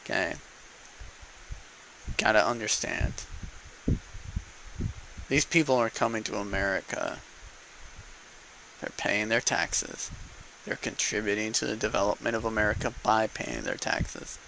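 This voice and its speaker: A man's voice: lowish voice, fairly even intonation, unhurried, creaky, long pauses, sharp tone, a little hiss or hum, poor audio. A man giving a casual, argumentative political monologue to camera, punctuating points with rhetorical "okay?" and "right?". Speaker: vlogger speaking to camera.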